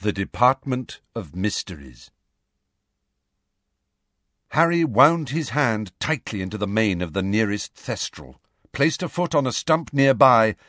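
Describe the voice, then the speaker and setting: Expressive male audiobook narrator. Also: lowish voice, no room sound, studio quality. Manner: expressive, dramatic reading. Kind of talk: scripted storybook narration.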